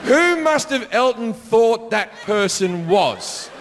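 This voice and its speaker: A man performing a stand-up comedy set on stage. He tells profane stories and mimics people in loud bursts. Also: sits high, very animated, slow, background noise. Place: comedy stage before a live audience. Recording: live stage with long hall reverb and faint crowd ambience.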